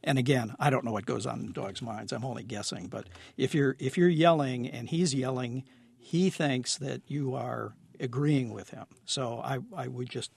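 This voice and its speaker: A man giving calm, halting advice about dog behavior on a radio show. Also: medium pitch, creaky, husky, no room sound. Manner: calm, explanatory, halting with fillers. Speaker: dog behavior expert guest.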